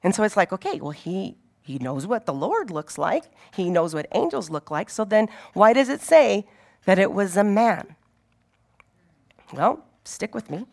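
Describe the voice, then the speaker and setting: Woman, informal Bible teacher, chatty and animated, mid pitch, very lively intonation. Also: a little slow, creaky. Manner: conversational, animated, asks rhetorical questions.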